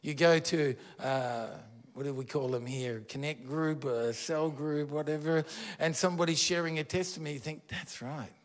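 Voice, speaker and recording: A man's voice: fairly high pitch, moderate pace. A man preaching a sermon as pastor, earnest and conversational, asking his listeners questions.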